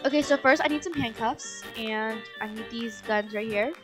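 A woman hosting a playful video game commentary, excitable, gasping and mock-outraged as she plays. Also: a little high, moderate pace, over music. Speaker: gaming channel host. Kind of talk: excited Let's Play commentary.

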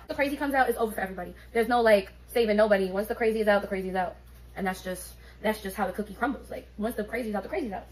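A woman, telling a story on her vlog in an animated, profane, streetwise way. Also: fairly high pitch, poor audio. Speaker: beauty vlogger.

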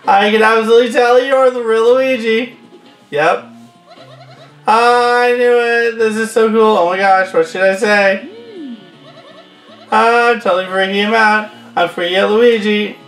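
A man voicing an obsessive, excitable young female superfan, reading her lines with gushing squeals and sudden outbursts. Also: very high-pitched, normal speed, pitched above the performer's own voice. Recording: roomy distant mic with game music.

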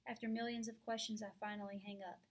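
A woman teacher reading a novel aloud to her students from home, expressive and dramatic, into a computer mic. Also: medium pitch, quick pace. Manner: animated, dramatic storytelling. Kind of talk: expressive first-person read-aloud.

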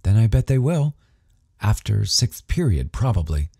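A man voicing a quiet, earnest teenage boy who asks curious questions. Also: fairly low pitch, big pitch swings, measured pace, vocal fry, husky, dry recording, clean studio sound, exaggerated voice.

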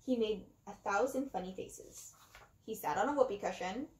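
A woman reading a children's book aloud, with expressive, dramatic pauses. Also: mid-range voice. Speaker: reader. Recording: roomy echo.

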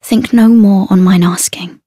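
A gentle imprisoned lady from a fantasy game, speaking in slow, archaic, formal phrases. Her breathy voice is recorded dry and close. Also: medium pitch, fairly even intonation, no echo. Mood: solemn, gentle. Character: imprisoned woman, gentle and solemn. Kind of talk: game character dialogue.

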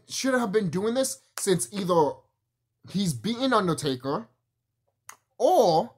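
Male vlogger, very animated pitch, swearing freely in a loose rambling rant. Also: slightly rough. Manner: profane, animated, rambling with restarts and laughs. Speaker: wrestling commentary vlogger. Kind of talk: casual opinion rant.

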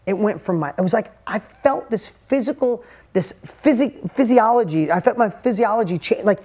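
A man's voice: sits high, darkish tone. A middle-aged man giving an emotional, emphatic motivational talk, telling a personal story and repeating words for punch. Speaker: motivational speaker.

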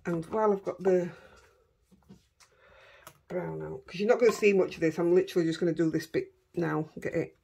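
A woman's voice: lowish voice, steady tone, a little fast, gravelly, mellow, highs cut off, slight background noise. A middle-aged woman with a Yorkshire accent chatting casually as she crafts, talking to herself and her dogs as she works. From Yorkshire, England. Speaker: craft vlogger.

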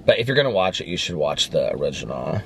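A man's voice: extremely low pitch, very animated, fast, creaky, a little hiss or hum. A man with an American Midwest accent chatting casually to his viewers from a parked car, rambling and friendly. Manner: chatty, rambling, addresses viewers as you guys. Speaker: vlogger. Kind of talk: casual vlog chat.

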